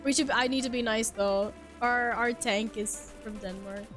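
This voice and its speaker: A young woman with a slightly high voice chats breezily with her viewers while she plays a game. She teases herself, laughs easily and swears in passing. Soft game music hums quietly underneath. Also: steady tone, moderate pace. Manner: chatty, playful and self-mocking, laughs and swears casually. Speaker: streamer. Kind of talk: casual live-stream chat while gaming.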